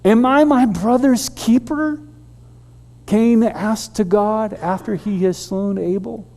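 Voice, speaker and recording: Animated high-voiced pastor, mellow tone. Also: male voice. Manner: animated, halting with restarts. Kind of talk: storytelling sermon.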